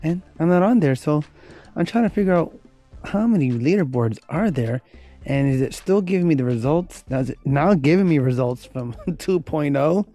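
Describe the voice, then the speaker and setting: A man's voice: on the high side, animated, normal speed, dark tone, soft background music. A man hosting a voiceover show, chatting casually and sleepily, rambling as he thinks aloud. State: sleepy, yawning. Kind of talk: casual podcast chat.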